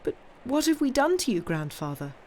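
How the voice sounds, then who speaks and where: A woman reading aloud and voicing a gentle, devoted young granddaughter in a pleading, emotional way. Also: a little high, very animated, moderate pace, slight background noise, voice pushed up.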